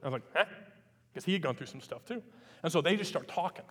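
A male pastor telling a personal story in a sermon, chatting at times and building to loud, emphatic preaching. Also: a little high, lively intonation, fast, breathy edge. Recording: long hall reverb.

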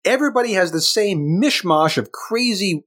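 A man's voice: high-pitched, expressive, moderate pace, fairly bright tone. A man co-hosting a casual comic book chat, with wry, matter-of-fact commentary. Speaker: podcast co-host.

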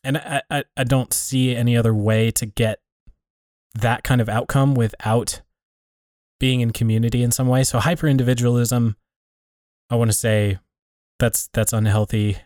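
A man speaks in a reflective, conversational way and stops often to rephrase himself mid-thought. His voice sits in an ordinary middle pitch. The recording is close and dry, with no room sound. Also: fairly even intonation, moderate pace, a little mellow, no room sound.

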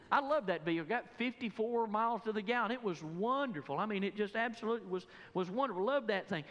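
A pastor preaches a sermon from a church pulpit, pressing the congregation with rhetorical question after rhetorical question. His voice is high for a man, lively and animated, and he talks fast with few pauses. The long reverb of a large sanctuary rings around him.

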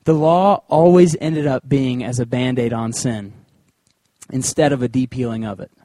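A man preaching a sermon in a conversational, animated way, weaving in personal stories. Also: medium pitch, moderate pace, no echo. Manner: conversational and animated, with acted-out quotes. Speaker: pastor.

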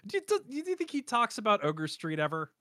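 A man co-hosting a casual podcast, animatedly retelling an anime plot with quick voice impressions and laughter. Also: high-pitched, wildly swooping pitch, sharp tone, no echo, studio quality. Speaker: podcast co-host recapping an anime. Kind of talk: casual chat.

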